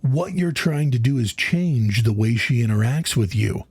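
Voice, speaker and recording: A man's voice: medium pitch, animated, moderate pace, darkish tone, husky, no room sound. A man giving a satirical mock lecture, mock-earnest, preachy and profane. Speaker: comedian, mock speaker. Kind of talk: satirical mock TED talk.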